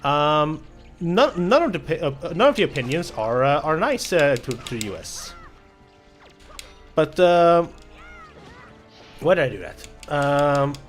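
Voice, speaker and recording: A man's voice: fairly high pitch, big pitch swings, a little slow, pauses often, faint music behind. A young man chatting casually while playing a game on a charity stream, rambling and swearing, with lots of restarts. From Sweden. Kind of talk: casual livestream chat while gaming.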